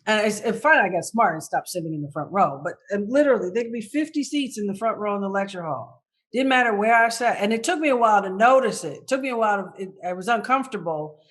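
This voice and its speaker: Brief: woman interview guest, candid and animated storytelling, mid-pitch voice. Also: quick pace. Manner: animated, reenacts her own past thoughts.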